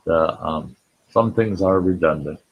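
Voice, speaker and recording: Gravelly, husky man telling a rambling story. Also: sits low, unhurried, phone-quality sound. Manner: rambling folksy storyteller, greets the chat. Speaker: live stream host. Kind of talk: casual live-stream storytelling.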